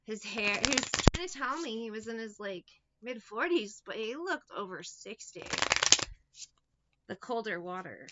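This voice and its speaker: A woman's voice: fairly high pitch, expressive, normal speed, lo-fi sound, very noisy. A woman giving a casual tarot reading, talking bluntly with lots of swearing and mockery. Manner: profane, blunt and mocking. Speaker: tarot reader.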